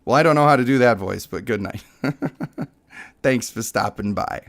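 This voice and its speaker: A man's voice: mid-range voice, normal speed. A young man with a slightly worn voice, chatting casually and joking with his viewers on a game stream. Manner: joking, laughs at himself. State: voice a bit worn, cutting out. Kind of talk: casual live-stream chat.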